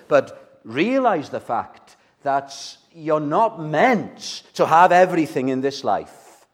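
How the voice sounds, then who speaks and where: A man's voice: fairly high pitch, big pitch swings, takes it slowly. An older man preaching an evening sermon, stressing points by repeating phrases and putting questions to the congregation. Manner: emphatic, repeats key phrases for weight; direct, asks the congregation questions.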